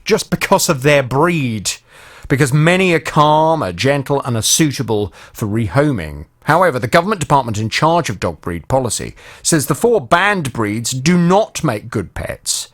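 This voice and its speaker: A man's voice: medium pitch, sing-song, moderate pace, a bit bright. A man hosting a radio phone-in show, talking directly to listeners in a conversational way.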